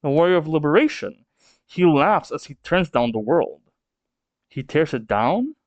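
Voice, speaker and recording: A man's voice: fairly high pitch, very animated, measured pace, dry recording, muffled recording. A man reading the lines of an eager, starry-eyed young giant boy in a slightly raised voice.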